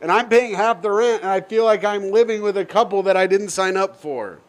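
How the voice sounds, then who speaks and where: Man, high-pitched, podcast co-host, teasing, casual banter. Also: a little fast. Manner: playful, teasing, reads a listener letter aloud.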